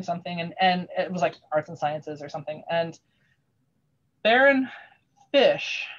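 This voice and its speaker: A woman talking casually over a video call, her voice a little low for a woman and the audio muffled and lo-fi. She rambles through a story with lots of restarts and fillers, growing animated as she goes. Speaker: craftsperson sharing her work on a video call.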